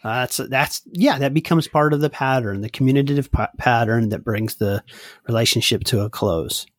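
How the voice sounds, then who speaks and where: Animated man on a dry podcast mic. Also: medium pitch, normal speed, no room sound. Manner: animated, acts out quoted lines, laughs easily. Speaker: podcast co-host. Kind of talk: casual chat.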